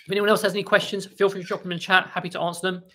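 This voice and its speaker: A man's voice: high voice, little pitch movement, rapid-fire, sharp tone. A man hosting a casual livestream, answering viewers' questions in a chatty way with frequent restarts. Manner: chatty, restarts often, talks to his birds between answers. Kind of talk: casual live chat. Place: home room with parrots.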